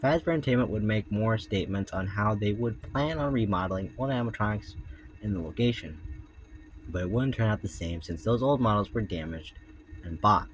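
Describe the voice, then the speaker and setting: A man's voice: fairly low pitch, lively intonation, brisk, a little hiss or hum, poor audio. A young man reading his own fan-fiction book aloud in a casual manner, stumbling and correcting himself as he goes. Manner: informal, with restarts and self-corrections. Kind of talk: casual read-aloud narration.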